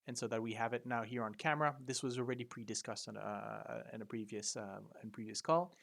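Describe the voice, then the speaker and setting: A man's voice: mid-range voice, fairly even intonation, a little fast, vocal fry, a bit bright. A man running a tabletop game over a video call, explaining the rules in a hesitant way, with many fillers and restarts. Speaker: game master.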